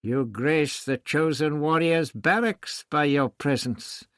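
A man reading an audiobook voices a scheming, sneering high priest with a husky, dry, drawn-out delivery. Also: fairly bright tone, dry recording. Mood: sly. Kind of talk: audiobook character voice.

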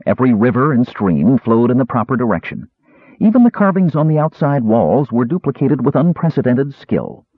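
Husky, lively male audiobook narrator. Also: medium pitch, moderate pace, no echo. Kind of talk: scripted fantasy narration. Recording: dry, tinny phone-like sound.

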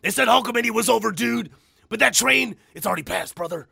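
A man putting on a brash wrestling legend cutting a promo, shouting catchphrases and calling everyone brother. The voice is raised and gravelly, swinging high and low with big energy. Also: animated, fast talker, no echo, studio quality, heavily acted. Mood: boastful. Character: loud brash veteran male wrestler promo.

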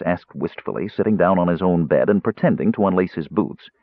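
A man giving a dramatic, lively narration of a fantasy audiobook. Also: low voice, brisk, hardly any pauses, no room sound. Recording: tinny phone-like dry recording.

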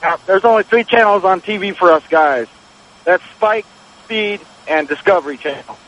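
A man's voice: high voice, normal speed, fairly bright tone, rough recording. A man calling into a radio talk show, chatting in a laid-back, agreeable way. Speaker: caller. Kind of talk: casual call-in chat.

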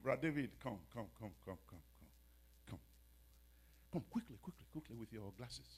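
A man preaching a sermon, swinging between hushed storytelling and shouted exhortation. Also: mid-range voice, animated, moderate pace, breathy edge. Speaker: pastor.

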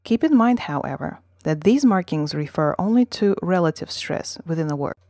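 A woman hosting a language-learning podcast, reading a scripted lesson in a measured, explanatory way and modelling sample words. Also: low-pitched, animated, dark tone, no room sound, clean studio sound.

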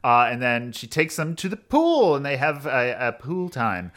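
A male podcast co-host rambling through a long summary, stacking up "uh"s and "like"s and breaking into laughs. His voice is bright and forceful, at an average pitch for a man. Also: sing-song, normal speed. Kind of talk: casual podcast chat.

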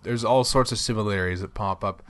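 A man's voice: fairly low pitch, fast talker, a bit bright, dry recording. A man co-hosting a podcast, chatting casually and rambling with lots of fillers. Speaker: podcast co-host.

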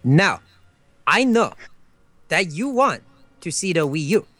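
Man doing stilted executive announcer, bright, sing-song. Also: high voice, very animated, slow, no room sound, exaggerated voice. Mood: grandiose. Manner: stilted, exaggerated announcement cadence. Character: man impersonating a formal male game executive.

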